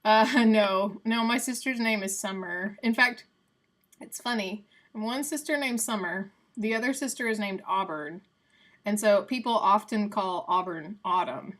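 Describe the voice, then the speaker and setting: A woman's voice: mid-range voice, a little slow. A woman live streaming in casual chat, rambling and answering her viewers by name. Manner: coos softly to her cat.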